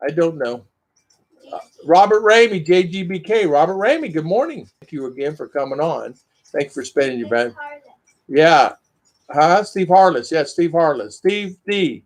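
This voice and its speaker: A man's voice: a little high, lively intonation, moderate pace. An older man, hosting a casual livestream chat and thanking viewers by name. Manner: chatty, rambling, lots of thank-yous and fillers. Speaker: livestream host.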